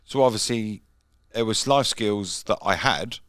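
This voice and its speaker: Man, blunt streetwise talk, lowish voice, dry recording. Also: measured pace, a bit bright, clear, resonant tone, dry recording. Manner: blunt, streetwise, swears freely. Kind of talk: casual podcast chat.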